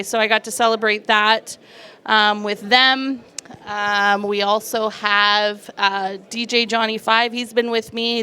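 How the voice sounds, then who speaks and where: Bright-voiced woman racer thanking sponsors. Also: fairly high pitch, clear, resonant tone. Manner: chatty, thanks sponsors with many fillers. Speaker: racing driver. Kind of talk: panel interview. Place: busy event hall.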